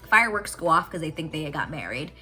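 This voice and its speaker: Low-voiced woman, lively and excitable. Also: quick pace, soft background music. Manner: animated, excitable, swears freely. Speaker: TV reaction vlogger. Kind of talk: casual recap and reaction chat.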